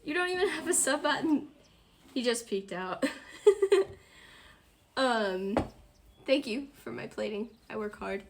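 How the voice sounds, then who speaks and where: A woman's voice: a little high, lively intonation, measured pace, long pauses, fairly bright tone, a little hiss or hum. A woman in her twenties chatting casually at home while hosting a dinner livestream, talkative and giggly with frequent laughs. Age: 20s. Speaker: streamer hosting a dinner stream.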